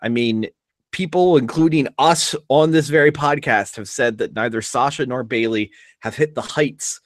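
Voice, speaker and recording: A man's voice: medium pitch, normal speed, dry recording, studio quality. A man co-hosting a podcast in casual chat, swearing freely and restarting sentences as he talks. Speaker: podcast co-host.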